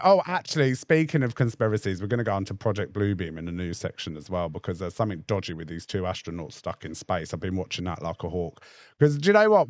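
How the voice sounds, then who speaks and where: A man's voice: on the low side, a little mellow, dry recording. A man hosting a livestream, chatting and reacting to clips in a chatty, sweary way. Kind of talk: casual chat.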